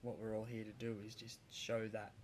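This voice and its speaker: A man's voice: fairly low pitch, monotone, normal speed, a little mellow, slight background noise. A man, a podcast guest, telling a vivid story in casual conversation, rambling a little with restarts.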